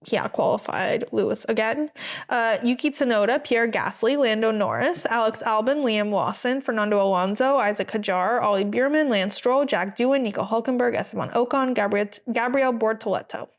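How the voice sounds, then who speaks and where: An American woman hosts a podcast, recapping on her own in a chatty, casual manner, full of ums, likes, and wry asides. Her voice is on the high side, and she speaks at a moderate pace.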